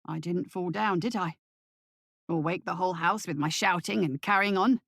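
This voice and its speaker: A woman voicing a guilt-ridden working-class father and former drinker, gruff and defensive. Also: high voice, normal speed, a bit bright, dry recording, studio quality, pitched below the performer's own voice, exaggerated voice. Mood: coaxing.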